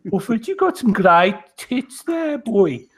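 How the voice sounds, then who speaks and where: A brash, crude Birmingham man, his thick accent laid on heavily, as a man puts him on. The voice jumps far above the speaker's usual pitch and booms out. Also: big pitch swings, slow pace, slightly rough, heavily acted. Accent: Birmingham English, put on.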